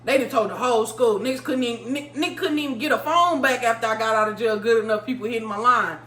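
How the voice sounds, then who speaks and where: A woman vlogger telling a story in a casual, animated way, swearing freely and talking straight to her viewers. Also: fairly high pitch, fast, roomy sound, a little hiss or hum.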